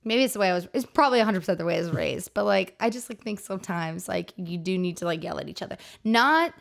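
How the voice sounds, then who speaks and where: A woman's voice: fairly low pitch, expressive, quick pace, gravelly. A woman co-hosting a podcast in casual chat, rambling with lots of "like" and frequent restarts, on a podcast mic. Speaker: podcast co-host.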